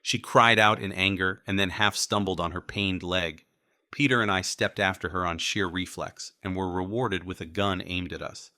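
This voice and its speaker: A man reading a first-person urban fantasy audiobook in a measured, steady way. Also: sits low, no echo. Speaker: audiobook narrator.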